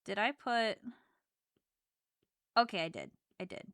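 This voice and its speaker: Woman streamer, casual chat while drawing; crisp, clean voice, loud excitable reactions. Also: medium pitch, a little slow, no room sound, clean studio sound. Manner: chatty, reacts loudly to chat with squeals and laughs.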